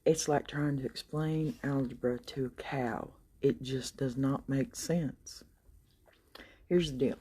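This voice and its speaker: A woman's voice: a bass voice, fairly even intonation, slow pace, dark tone, slightly rough. A middle-aged woman telling folksy comic stories in a wry, drawling way. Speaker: comedic storyteller. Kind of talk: comic storytelling monologue.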